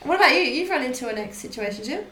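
A young woman co-hosting a podcast, chatting and reacting quickly. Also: high voice, sing-song, pushed and bright, echoey room, slight background noise. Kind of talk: casual chat.

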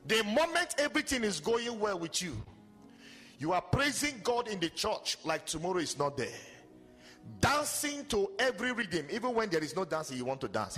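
A man preaching a sermon as pastor, animated and storytelling with mocking asides. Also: high voice. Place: church hall. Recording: long hall reverb with faint music.

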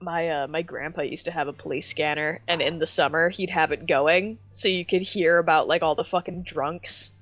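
A young adult woman co-hosting a podcast, telling an animated story with swearing and lots of fillers. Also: deep voice, moderate pace, hardly any pauses, dull audio, soft background music. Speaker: podcast co-host. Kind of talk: casual chat.

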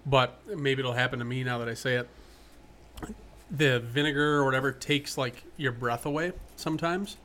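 A man's voice: medium pitch, steady tone, normal speed, sharp tone. A man co-hosting a casual podcast, joking and chatting while tasting food. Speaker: podcast co-host.

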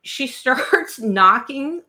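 Lively, bright-voiced woman retelling a story. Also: sits high, extremely slow, slight background noise. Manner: animated storyteller, reads passages aloud. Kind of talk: casual book recap chat.

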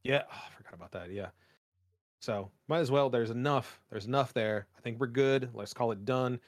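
A man's voice: mid-range voice, normal speed, no room sound, studio quality. Rambling young man on a podcast. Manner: rambling, many fillers, jokey. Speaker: podcast co-host. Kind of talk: casual chat.

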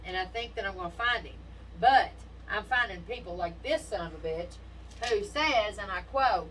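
A woman with a bright, forceful, medium-pitched voice swaps blunt, profane stories in a casual chat, telling them animatedly with lively intonation at a moderate pace. She is some distance from the mic, and faint hiss sits under the recording.

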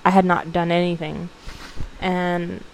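A woman's voice: on the low side, level tone, measured pace, poor audio. A young woman hosting a podcast, giving a casual motivational talk, emotional and close to tears, swearing and laughing as she goes. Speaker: podcast host.

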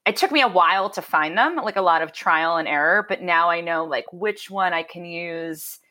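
A woman hosting a podcast, chatting in a lively, casual way with many fillers. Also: on the low side, normal speed. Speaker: podcast host.

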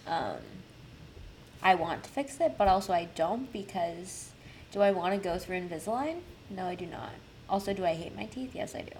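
A young woman chats through a podcast story, teasing herself as she goes. Her voice sits on the lower side but bounces around a lot, and a faint hiss hangs under it. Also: moderate pace, rough recording. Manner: chatty, self-mocking, animated storytelling. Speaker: podcast co-host. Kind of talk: casual chat.

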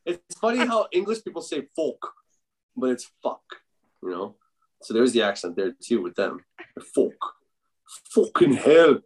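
A man's voice: medium pitch, huge pitch swings, normal speed, breathy edge. A man with a Canadian accent, a podcast guest in casual chat, laughing often and swearing freely.

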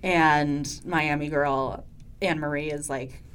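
Woman podcast co-host, low-pitched, casual recap, quick impressions of the people in the story. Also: smooth. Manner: animated storyteller, quick voices for quoted people. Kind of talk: casual chat.

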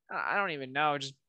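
A man co-hosting a podcast in casual chat, rambling and leaning heavily on "you know" fillers. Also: on the high side. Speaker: podcast co-host.

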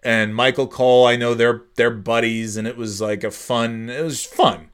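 A man's voice: medium pitch, steady tone, normal speed, clear, resonant tone. A man ranting casually on his podcast, profane and exasperated, rambling with lots of restarts. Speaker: podcast host. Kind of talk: casual rant.

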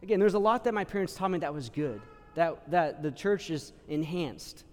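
A man's voice: on the high side, moderate pace, in a large hall. A man, a priest, preaching a sermon in a casual, conversational way, full of fillers and acted-out quotes. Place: church.

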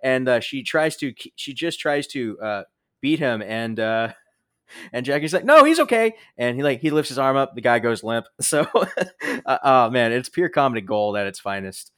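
A man co-hosting a casual movie review chat, animated, swearing freely and filling gaps with "like" and "um". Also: medium pitch, moderate pace, smooth, no echo, clean studio sound. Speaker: podcast co-host.

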